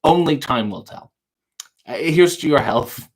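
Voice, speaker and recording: A man's voice: fairly high pitch, expressive, a little slow. Wry man hosting a late-night livestream. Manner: dry, wry quips answering viewer questions. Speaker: livestream talk show host reading viewer chat.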